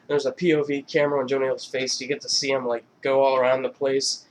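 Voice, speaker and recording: A man's voice: medium pitch, flat delivery, quick pace, some chatter behind. Rambling, profane young man vlogger. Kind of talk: casual movie recap.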